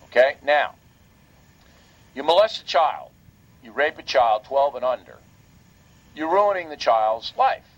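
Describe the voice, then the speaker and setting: A man's voice: mid-range voice, sing-song, unhurried, long pauses. A man hosting a talk radio show, delivering a heated, indignant monologue that repeats points for emphasis. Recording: lo-fi radio broadcast.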